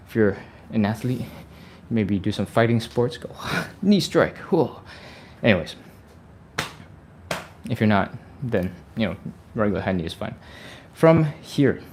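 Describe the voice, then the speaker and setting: A man's voice: fairly low pitch, a little mellow, slight background noise. A man leading a live stretching workout, chatty and upbeat, sighing and laughing between cues. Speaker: stretching coach.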